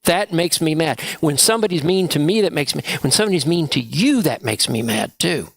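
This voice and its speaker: A man's voice: on the high side, expressive, a little fast, gravelly, dry recording. A man leading a children's story time in church, asking the children playful questions. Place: church sanctuary.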